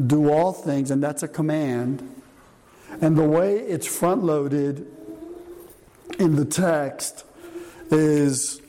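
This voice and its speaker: A man's voice: on the high side, dark tone. An older man preaching a sermon in a conversational way, often asking the congregation questions. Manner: conversational, asks the room questions. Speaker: pastor. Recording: long reverb in a hall, faint noise.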